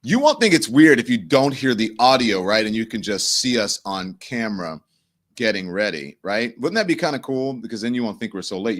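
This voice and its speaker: A man with a mid-range, slightly bright voice hosts his own casual live-stream. Laughing easily, he reads viewer comments aloud, and the setting sounds like an apartment home studio.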